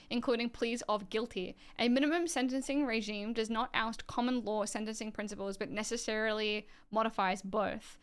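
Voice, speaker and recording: A woman's voice: a little high, clean tone. An Australian woman livestreaming, reading dense legal text aloud and chatting offhand with viewers, swearing casually.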